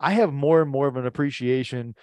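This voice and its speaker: A man co-hosts a relaxed podcast, with an ordinary middle-pitched voice. He rambles, restarts his sentences and laughs easily. The sound is close-miked and dry. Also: brisk, clear, resonant tone, dry recording. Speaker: podcast co-host. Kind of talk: casual chat reviewing comedy.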